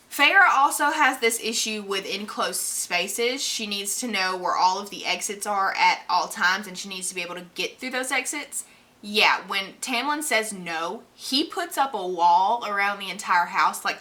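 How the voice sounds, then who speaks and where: A chatty woman vlogger with a bright, forceful voice rambles through a book recap. She talks casually and leans on plenty of fillers as she goes. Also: mid-range voice.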